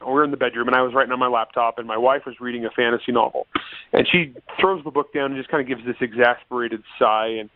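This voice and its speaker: A man's voice: medium pitch, fairly even intonation, fast, no room sound. A man talking as an author guest in a casual interview, chatty and laughing often, with many fillers and restarts. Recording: tinny phone-line sound, dry.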